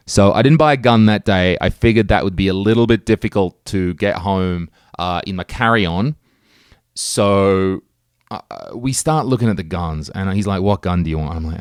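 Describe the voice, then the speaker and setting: A man telling a comic story on his own podcast, profane and animated, jumping into high-pitched exclamations. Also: clean tone, dry recording, clean studio sound. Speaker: podcast host. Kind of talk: solo comedic storytelling.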